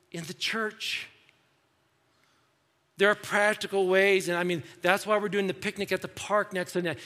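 The recording captures a man's high-pitched, fairly bright voice echoing through a church hall. He is a pastor preaching to his congregation, speaking casually and voicing the people he quotes.

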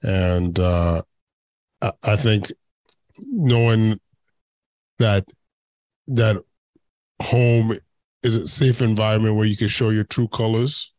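A man hosting a podcast interview, affirming his guest's points in a measured, halting way. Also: lowish voice, darkish tone, dry recording. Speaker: podcast host.

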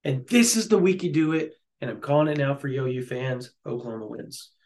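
Excitable man talking college football. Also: mid-range voice, a little fast. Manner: excitable, jokey, laughs often. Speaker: sports podcast co-host. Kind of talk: casual sports chat.

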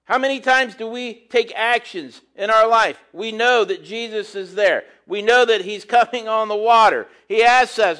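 A man preaching a conversational sermon, reading scripture and adding relaxed, chatty asides. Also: high voice, moderate pace.

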